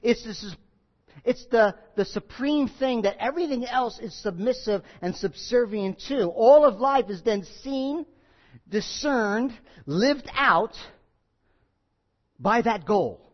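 A male pastor preaching a sermon, emphatic, repeating key phrases and swinging between loud and quiet. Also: very high-pitched, expressive, slow pace, dull audio.

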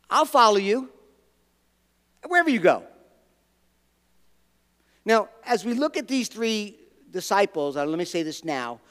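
Pastor guy preaching, kinda high voice, punchy, lots of questions, big echoey hall. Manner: emphatic, repeats words, asks the congregation questions. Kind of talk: sermon.

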